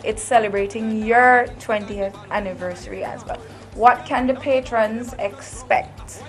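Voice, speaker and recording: Woman host, higher voice, quick questions, bit of music in back. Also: fairly even intonation. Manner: brief prompting questions and backchannels. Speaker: interviewer host. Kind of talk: casual interview.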